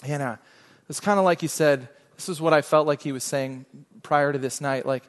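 A middle-aged man pastor preaching a sermon, telling a quiet personal story that builds into loud, fervent exhortation. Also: a little high, moderate pace. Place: church sanctuary. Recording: long hall reverb.

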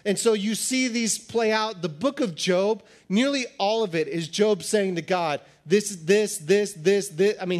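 A pastor giving a sermon in a conversational, animated style, acting out little dialogues as he teaches. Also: high-pitched.

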